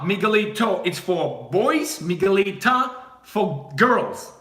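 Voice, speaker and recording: A young man from Russia with a Russian accent, giving a casual language lesson and repeating phrases slowly and clearly. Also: high voice, big pitch swings, pushed and bright, roomy sound. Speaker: language teacher.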